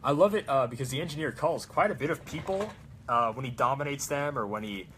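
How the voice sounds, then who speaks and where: A young man who rambles through a crafting vlog, excitable and full of fillers. His pitch bounces around a lot as he talks. There is faint noise behind him in an indoor workshop. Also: quick pace. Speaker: prop-making vlogger. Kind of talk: casual crafting vlog chat.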